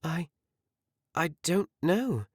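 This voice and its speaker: A frightened young woman, as a male narrator puts her on, her voice pitched very high and pleading in breathless, desperate cries. She swings widely in tone, and the recording is close and dry with no room sound. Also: very animated, extremely slow, slightly rough, dry recording, full character voice. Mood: frightened, apologetic. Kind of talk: audiobook character voice.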